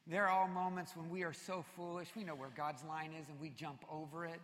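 High bright-voiced preacher in a big hall. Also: male voice, a little fast. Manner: energetic, shouting at peaks, drops soft and low for confession. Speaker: pastor. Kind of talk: sermon. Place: large church hall with congregation. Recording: reverberant church hall.

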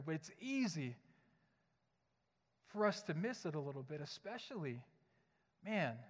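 High-voiced preacher in a reverberant church. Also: male voice. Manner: conversational, joking, animated storytelling. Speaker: pastor. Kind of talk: sermon. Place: church sanctuary. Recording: long hall reverb.

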